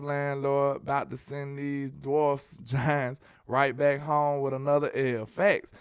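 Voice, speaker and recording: A man's voice: on the high side, clear, resonant tone, no echo, studio quality. Man hyping sports on a live stream. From Alabama. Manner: animated, joking, sing-song hype. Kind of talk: live-stream sports chat reading super chats.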